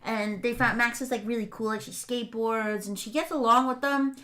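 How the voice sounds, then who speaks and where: A woman's voice: on the high side, fairly even intonation, a little fast, pushed and bright. A young woman co-hosting a podcast, recapping a TV series in casual chat with lots of fillers and self-corrections. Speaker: podcast co-host.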